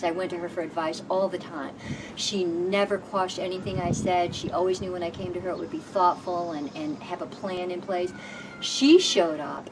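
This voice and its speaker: A woman, a homeowner, telling her own story in an expressive, animated way, recorded outdoors on a porch. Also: fairly low pitch. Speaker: housing program homeowner. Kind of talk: personal storytelling. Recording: distant mic with background noise.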